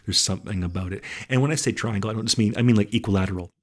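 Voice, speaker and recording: A man's voice: lowish voice, racing. A man hosting a casual listener Q&A podcast, laid-back and rambling, swearing now and then, with his voice starting to go. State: losing his voice. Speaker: podcast host.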